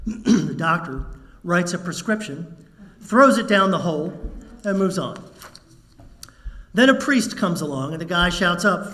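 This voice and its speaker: Slow-spoken, high-voiced minister. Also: male voice, lively intonation, bright, forceful tone. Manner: slow, measured preaching with wry humor. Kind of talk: sermon.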